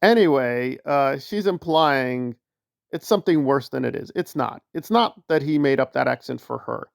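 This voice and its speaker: A man's voice: medium pitch, expressive, normal speed, gravelly, no room sound, studio quality. A man from the northeastern United States giving casual commentary in a wry, sarcastic way.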